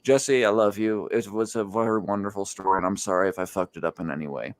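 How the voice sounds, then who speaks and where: A man's voice: on the low side, quick pace. A man from the United States co-hosting a podcast, telling a loose anecdote full of filler "like"s. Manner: loose storytelling, heavy use of filler "like". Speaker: podcast co-host. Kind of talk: rambling anecdote and casual review chat.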